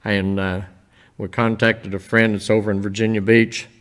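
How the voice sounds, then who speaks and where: An older man speaking informally to a church congregation, telling stories in a folksy, rambling way with many pauses. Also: on the low side, level tone, fairly bright tone. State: emotional, voice dropping. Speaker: visiting church-building minister.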